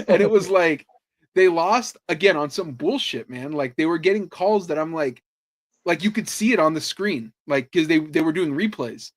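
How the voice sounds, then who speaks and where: A man on a podcast telling sports stories in a casual, animated way, swearing freely and saying "like" a lot. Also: fairly high pitch, normal speed. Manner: animated storytelling, swears freely, lots of "like" fillers. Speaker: podcast host. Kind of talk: casual chat.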